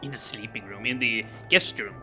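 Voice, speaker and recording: A man casually talking through his game, reading the dialogue aloud and laughing often. His voice is very bright and forward. Faint game music runs underneath. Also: fairly low pitch, moderate pace, rough recording. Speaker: let's play gamer.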